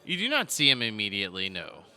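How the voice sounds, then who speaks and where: A man's voice: on the low side, huge pitch swings, fast, pushed and bright, clear, resonant tone, a faint crowd. A man narrating a tabletop game as game master, in loose, rambling descriptions full of fillers.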